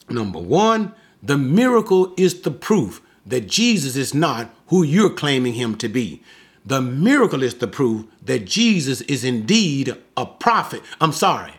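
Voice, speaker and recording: A man's voice: a little high, fairly bright tone. A man teaching the Bible verse by verse, emphatic and repetitive, stopping often to ask his listeners rhetorical questions. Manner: emphatic, repeats points, asks rhetorical questions.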